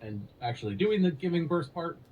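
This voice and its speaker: A man's voice: on the high side, big pitch swings, fairly quick, a little mellow, muffled recording, a little hiss or hum. Dry, teasing man hosting a podcast. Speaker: podcast host. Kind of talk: casual comedic chat.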